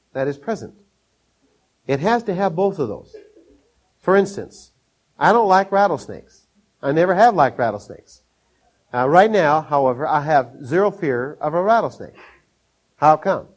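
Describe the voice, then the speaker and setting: An older man from Minnesota gives a sermon in a folksy, storytelling way. His voice sits a little high. He chuckles often and jumps his voice up to act out the scenes he describes. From Minnesota, USA. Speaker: preacher.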